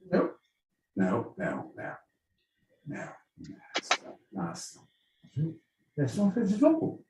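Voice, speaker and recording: A man's voice: high-pitched, slight background noise, voice pushed up, full character voice. A man putting on a pompous mock-British gent. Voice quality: grand, swooping exaggerated delivery. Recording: echoey room, mic at a distance.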